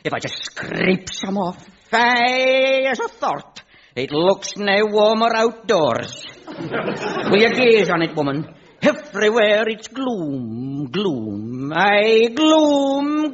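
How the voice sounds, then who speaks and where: An actor playing a gruff, bawdy Scottish Highland servant in a comedy sketch, speaking in broad dialect. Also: male voice, expressive, heavily acted. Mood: wry. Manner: broad dialect, drawn-out, jokey. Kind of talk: comedy sketch with live audience. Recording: lo-fi recording with audience laughter.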